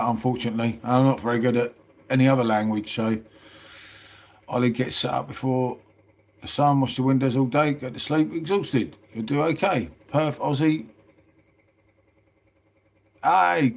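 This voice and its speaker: A middle-aged man, chatting casually on a live stream, reading out viewer comments and calling everyone mate. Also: medium pitch. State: tired. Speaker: livestream host.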